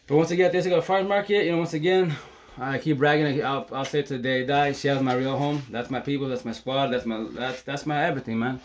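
A man talking fast on a casual live stream, excitable and slangy, swearing freely and filling his talk with "you know". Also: medium pitch, a little hiss or hum. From Seattle area. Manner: fast, excitable, slangy and profane with constant fillers. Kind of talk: casual Facebook Live monologue.

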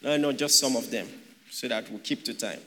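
A man's voice: medium pitch, normal speed, fairly bright tone. A man preaching a sermon, asking the congregation rhetorical questions and joking with them. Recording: long hall reverb.

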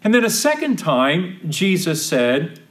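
Slow, deliberate man teaching scripture. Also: high voice, sing-song. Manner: slow, deliberate, emphatic repetition of quoted verses. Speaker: Bible teacher. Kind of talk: Bible study teaching.

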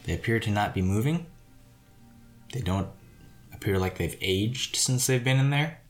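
Deep-voiced male tabletop player. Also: animated, moderate pace, faint music behind. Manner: searching, hesitant phrasing. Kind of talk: casual tabletop play.

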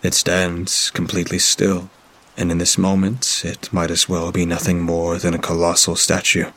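A man's voice: deep voice, completely flat delivery, normal speed, a bit bright. A man narrating a first-person horror story with a dramatic delivery. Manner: dramatic, voices characters in dialogue.

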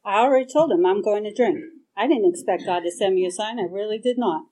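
A woman's voice: mid-range voice, fast, mellow, low-quality recording. A middle-aged woman speaking at a recovery meeting, telling her story candidly with swearing and acting out her own past reactions. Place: meeting hall.

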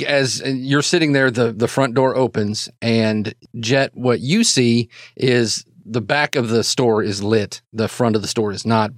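A man's voice: mid-range voice, dry recording. Male game master, casual narration, dry close sound. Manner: casual, conversational narration with voiced asides. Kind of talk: narrating a tabletop role-playing game.

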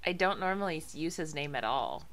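Dry, teasing woman with a lively voice. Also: low voice, fairly quick, heavy background noise. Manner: dry, teasing, laughs often. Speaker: podcast co-host. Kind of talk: casual podcast chat.

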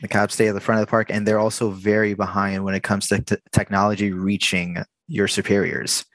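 Guy with a lowish voice telling a work story, acts out all the back and forth, dry close sound. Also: a little fast, no echo. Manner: animated, acts out the dialogue. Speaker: theme park worker telling a story. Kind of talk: casual storytelling.

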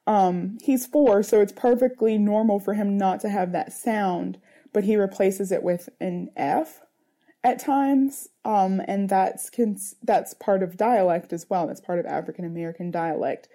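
A woman's voice: medium pitch, unhurried, mellow. A woman in her thirties, a mother speaking earnestly in an interview, searching for words with many fillers. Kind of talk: reflective personal interview.

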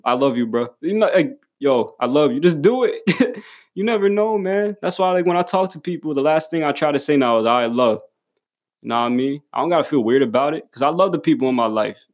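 A young man giving a casual motivational monologue to the camera, blunt and full of swearing and slang, often laughing as he talks. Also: mid-range voice. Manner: profane, blunt street slang, emphatic; laughs often while talking.

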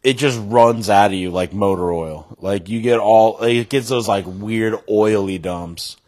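Dude on a podcast, swearing and laughing through casual banter. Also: male voice, lowish voice, a little slow, darkish tone. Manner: joking, laughs often, profane. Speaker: podcast co-host.

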